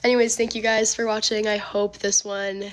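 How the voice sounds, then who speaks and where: A young woman casually telling a personal dating story, chatty and animated, full of filler words. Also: medium pitch, normal speed, a little hiss or hum.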